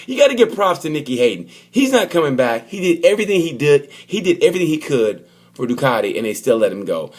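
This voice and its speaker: A man giving a casual, joking race review, rambling and acting out little quotes as he goes. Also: medium pitch. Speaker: motorsport vlogger.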